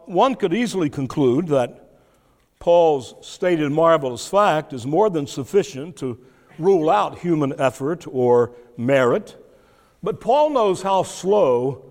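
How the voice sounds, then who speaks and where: A man preaching an expository sermon, teaching deliberately with occasional restarts and fillers. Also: fairly high pitch. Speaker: pastor. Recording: long hall reverb.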